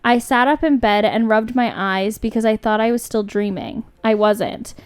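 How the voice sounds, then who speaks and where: A young woman with a smooth, clean voice co-hosts a podcast. She chats easily and laughs often, then reads a story aloud at an even, unhurried pace. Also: on the high side. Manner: chatty, laughs easily, reads with slow steady pacing. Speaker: podcast co-host. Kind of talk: casual chat and reading stories aloud.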